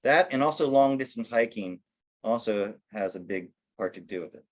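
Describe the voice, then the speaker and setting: A man's voice: lowish voice, lively intonation, normal speed, lo-fi sound. A man telling his life story in a casual interview over a video call, rambling with restarts and laughing at himself. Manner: rambling, with many restarts and self-corrections; self-deprecating, laughing at himself.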